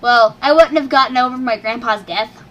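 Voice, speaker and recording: Woman, very high voice, bright and sharp tone, hyper, giggly, casual co-host chat. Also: moderate pace, slight background noise.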